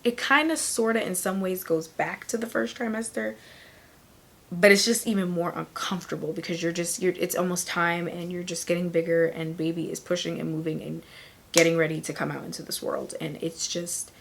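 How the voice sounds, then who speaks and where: A woman's voice: fairly low pitch, fairly even intonation, normal speed. Breathless, chatty pregnant woman vlogging. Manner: chatty and rambling, many fillers, laughs often; drops to a breathy near-whisper at times. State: short of breath, heavily pregnant. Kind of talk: casual chat to camera.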